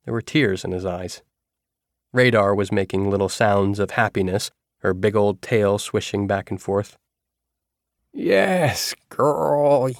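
Low-voiced guy reading a story, even and steady, dry studio sound. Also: dry recording. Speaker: audiobook narrator. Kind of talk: scripted narration.

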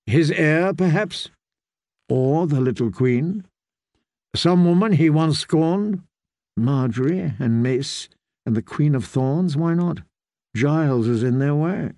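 A man's voice: a little high, expressive, slow pace, dark tone, no room sound, clean studio sound. A man voicing a cruel, scornful adult queen who speaks in clipped commands. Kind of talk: audiobook character voice.

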